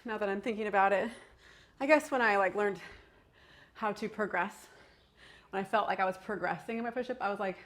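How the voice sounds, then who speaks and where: A woman's voice: mid-range voice, fairly quick, pauses often, a bit bright. A woman, a mother, coaching a workout, pushing listeners to keep going and chatting through stories as she counts off moves. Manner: chatty, tells personal stories mid-workout. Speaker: fitness instructor. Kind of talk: workout coaching with motivational talk.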